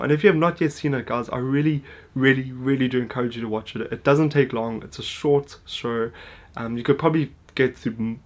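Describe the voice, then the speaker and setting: A man talks casually to his viewers, upbeat and eager as he recommends a show. His voice sits in an ordinary middle range, and he stacks up repeated words for emphasis between frequent fillers. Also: medium pitch. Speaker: TV show reviewer. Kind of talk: casual YouTube review talk to camera.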